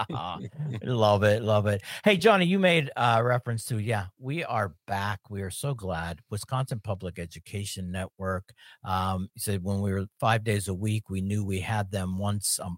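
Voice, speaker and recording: A man's voice: lowish voice, moderate pace, no room sound, studio quality. A man hosting a talk podcast, chatting casually and joking, with frequent laughs. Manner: lively, joking, laughs often. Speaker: podcast host. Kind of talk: casual chat.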